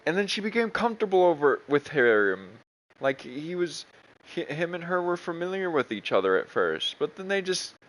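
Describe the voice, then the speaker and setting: A man's voice: on the high side, big pitch swings, moderate pace, a bit bright, poor audio. A young man chatting casually while playing a video game, rambling with many restarts. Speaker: gaming streamer.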